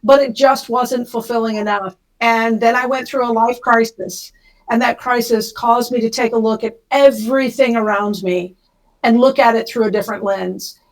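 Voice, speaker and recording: A woman's voice: fairly high pitch, fairly even intonation, moderate pace. A middle-aged woman, a podcast guest, telling her life story in a vivid, emotional way. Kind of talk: storytelling interview.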